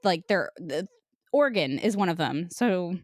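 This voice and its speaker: A woman's voice: on the low side, animated, unhurried, dry recording, clean studio sound. A woman co-hosting a casual book podcast, loosely retelling a plot with frequent "like" fillers and casual swearing. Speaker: podcast co-host.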